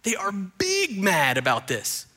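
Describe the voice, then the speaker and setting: A man's voice: sits high, huge pitch swings, takes it slowly, bright, forceful tone. A man preaching a sermon in a conversational way, often repeating words and talking straight to his listeners. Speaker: pastor.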